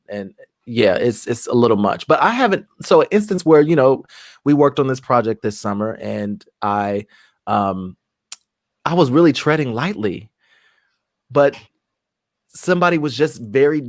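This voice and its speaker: A man of middle pitch co-hosting a podcast in easy, casual conversation. He talks in a reflective, circling way, restarting sentences as he works his thoughts out. The sound is close and dry, with no room in it. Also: no echo. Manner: chatty, reflective, thinks aloud with restarts. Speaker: podcast co-host. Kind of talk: casual chat.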